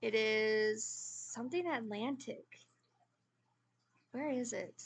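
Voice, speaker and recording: A woman's voice: a little high, slow, husky. An American woman chatting casually as she reviews a book, rambling and correcting herself as she goes. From United States. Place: at a desk with a computer.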